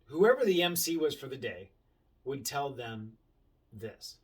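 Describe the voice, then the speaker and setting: Animated man telling prison stories, slightly off-mic. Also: mid-range voice, measured pace, distant mic. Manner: animated, acts out quotes, swears casually. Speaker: former inmate sharing his story. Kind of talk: casual storytelling monologue.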